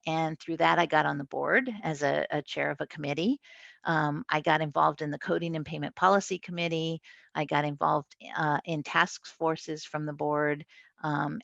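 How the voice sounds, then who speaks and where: Woman panelist, low fry-edged voice, conversational and reflective, dry slightly muffled audio. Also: a bit bright, no room sound. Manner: conversational, reflective, with frequent fillers. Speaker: panelist neurologist. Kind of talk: panel discussion storytelling.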